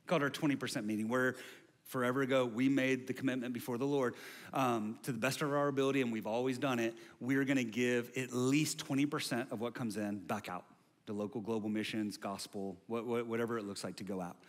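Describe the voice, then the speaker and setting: A man preaching a sermon as pastor, building to loud, repetitive refrains. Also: mid-range voice, fairly even intonation, fairly quick, in a large hall.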